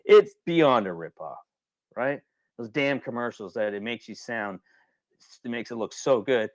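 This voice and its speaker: A man's voice: medium pitch, animated, measured pace, no room sound. Chatty man hosting a webinar, dry sound. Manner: rambling, colloquial, repeats himself when worked up. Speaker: webinar host. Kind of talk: casual webinar talk.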